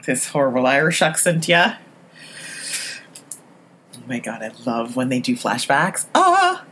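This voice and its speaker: A woman's voice: a bass voice, unhurried, fairly bright tone, slight background noise. A woman giving chatty, giggly commentary on a TV episode as she watches it, recorded on a built-in computer microphone in an echoey room at home. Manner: chatty, giggly, reacting aloud while watching. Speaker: podcast commentator. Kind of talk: casual live TV commentary.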